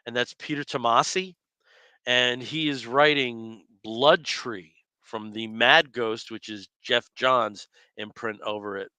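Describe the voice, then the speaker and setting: Man, New Jersey accent, bright, dry close sound, chatty podcast co-host. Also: mid-range voice, fairly even intonation, takes it slowly, clear, resonant tone, dry recording. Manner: chatty, laughs often. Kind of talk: casual chat.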